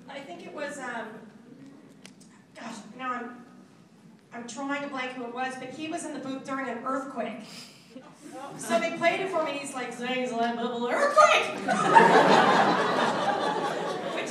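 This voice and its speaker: A woman's voice: sits high, normal speed, pauses often, recorded from a distance, heavy background noise. A woman voice actress answering fan questions at a convention panel, chatty and self-mocking, laughing often. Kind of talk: casual convention Q&A. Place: large convention hall. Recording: echoey hall from afar, crowd.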